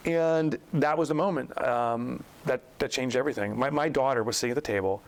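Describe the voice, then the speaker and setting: He's a podcast guest, an author and business coach, telling an animated story at a mid pitch and a fairly quick clip. He gives voice to the people he quotes and rises sharply when sounding incredulous. The recording is of low quality.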